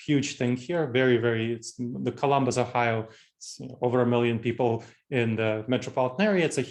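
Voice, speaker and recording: A man in his forties from Moldova with an Eastern European accent, giving a conversational leadership presentation and repeating key phrases for emphasis. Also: medium pitch. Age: 40s. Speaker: keynote speaker.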